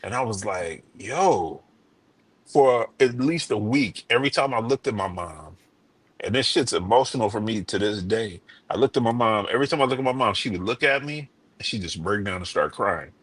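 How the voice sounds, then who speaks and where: A man on a live debate panel tells a long story in a husky voice. He circles back and repeats himself, and his voice sits close and dry with no room around it. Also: fairly low pitch, expressive, fairly quick, a bit bright, no room sound. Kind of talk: casual live debate talk. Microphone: remote stream mic.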